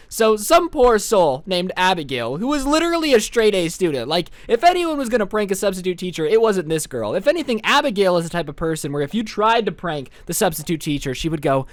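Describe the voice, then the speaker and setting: Young man, storytime vlog, sarcastic, joking, high lively voice, dry close sound. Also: no room sound. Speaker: vlogger telling a story.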